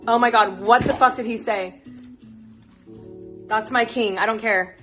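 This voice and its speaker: A young woman chatting casually on a phone livestream, excitable and gushing, swearing freely as she talks about her favorite players. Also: a little high, a little slow, faint music behind. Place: at home, moving plants indoors.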